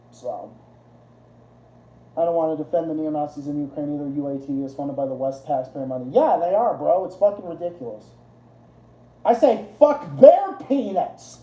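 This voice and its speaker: A man's voice: a little high, mellow. A man hosting a casual livestream, rambling and swearing, often laughing at his own jokes. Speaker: livestream host. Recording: roomy echo.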